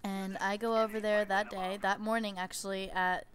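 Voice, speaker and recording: A woman's voice: medium pitch, level tone, normal speed. A young woman in a casual storytime vlog, chatty and exasperated, peppering her stories with "like". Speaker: babysitter telling stories.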